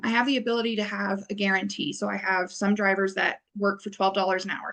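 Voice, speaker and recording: A woman's voice: mid-range voice, a bit bright. Woman, business owner guest, rambling and wordy, casual podcast chat. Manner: wordy, rambling, many fillers.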